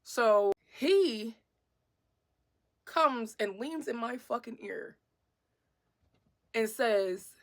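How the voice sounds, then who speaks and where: A young woman telling a casual storytime, animated and swearing freely, laughing as she goes. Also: on the high side, drawn-out words, long pauses.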